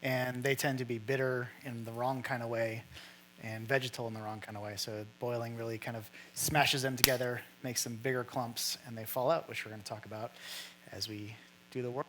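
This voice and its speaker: A man's voice: mid-range voice, little pitch movement, fairly quick, noisy background. A man who works as a brewer, explaining steps in casual talk with jokey asides. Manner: jokey asides, laughs easily.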